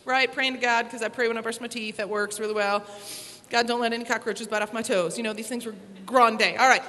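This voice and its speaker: Young woman speaker telling a story, high bright voice, big echoey hall. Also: a little fast. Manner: animated, acts out voices and sound effects. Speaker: motivational speaker. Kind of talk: youth talk with storytelling. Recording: live hall reverb.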